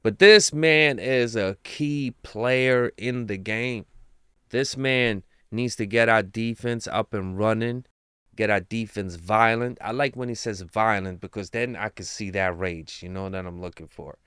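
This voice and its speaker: Excited man rambling about his team. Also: lowish voice, a little slow, clean tone, no echo, clean studio sound. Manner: excited, rambling fan talk with slang. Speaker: sports commentator. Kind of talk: casual fan commentary.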